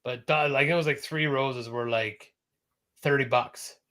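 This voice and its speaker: A man co-hosting a casual podcast, often trailing off quietly at the end of his thoughts. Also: medium pitch, steady tone, unhurried. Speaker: podcast co-host. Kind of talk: casual chat.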